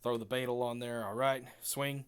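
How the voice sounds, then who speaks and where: A young man casually recapping a card game match, chatty and relaxed, acting out both players' remarks. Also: mid-range voice, normal speed, clean tone. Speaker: card game video creator.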